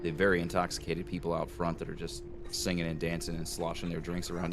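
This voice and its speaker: A man's voice: deep voice, fast, few pauses, faint music behind. A man narrating a tabletop fantasy game as game master, rambling with fillers. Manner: relaxed, rambling, with many fillers.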